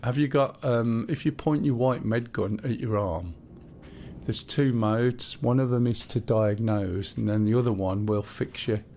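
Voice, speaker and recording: This man, with a mellow mid-range voice and steady, measured delivery, talks casually during a game stream. He coaches a teammate on the controls while musing aloud through fillers, and a little background noise is present.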